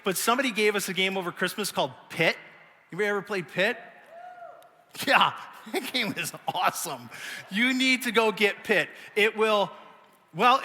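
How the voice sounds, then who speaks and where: A middle-aged man giving a sermon as pastor, telling stories in an animated, self-mocking way. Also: high voice. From United States. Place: large church auditorium. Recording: long reverb of a church hall.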